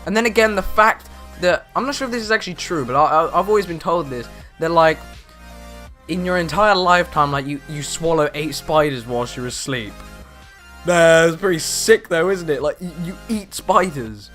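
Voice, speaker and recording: A teenage boy rambling in casual chat from his bedroom, animated and exaggerating with slang. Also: on the high side, moderate pace, soft background music. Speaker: vlogger.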